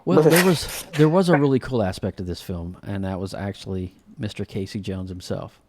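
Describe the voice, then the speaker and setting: Amid heavy background noise, a man with a lowish voice speaks at normal speed as a podcast co-host. He chats casually about a film in a relaxed, filler-heavy way, frequently saying "man."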